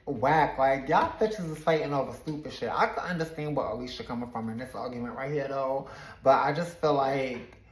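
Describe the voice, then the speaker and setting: A man casually recapping a reality show, chatty and slangy, retelling scenes with plenty of sass. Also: mid-range voice. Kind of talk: casual commentary. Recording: echoey room.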